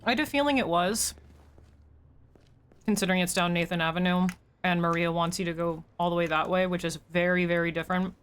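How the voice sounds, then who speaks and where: A woman's voice: fairly low pitch, fairly quick, fairly bright tone, smooth. Chatty woman streaming a game. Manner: chatty, thinking aloud, talks to chat. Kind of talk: casual gameplay commentary.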